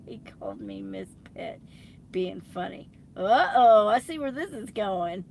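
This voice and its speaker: A woman's voice: medium pitch, expressive, slow, vocal fry, a little mellow, a little hiss or hum. A woman chatting and laughing with viewers on a late-night livestream from inside her truck. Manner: chatty, laughs often, reads and answers viewer comments. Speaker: livestream host.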